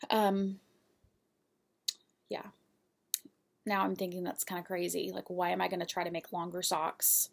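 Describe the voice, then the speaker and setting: Chatty woman with vocal fry. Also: on the low side. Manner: chatty, rambling, laughs easily. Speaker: knitting podcast host. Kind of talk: casual show-and-tell chat.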